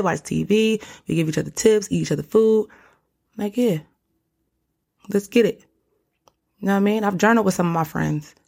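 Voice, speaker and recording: Slangy, animated woman podcast host. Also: medium pitch, creaky. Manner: animated, slangy, keeps addressing listener as honey and baby. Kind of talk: casual solo podcast talk.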